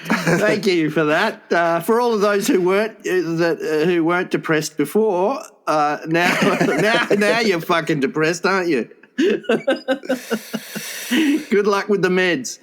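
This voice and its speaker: A male podcast co-host with a slightly high voice jokes around in quick, sweary banter. He keeps the chat casual and laughs along. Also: fairly bright tone.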